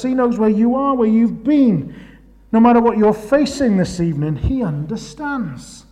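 A man preaching a sermon, swinging from loud urgent questions to hushed, slow phrases. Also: sits high.

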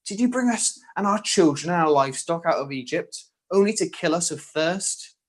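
A man's voice: fairly high pitch, lively intonation, moderate pace, voice pushed up. A man voicing a band of thirsty, complaining Israelites with a put-on Cockney accent. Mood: indignant.

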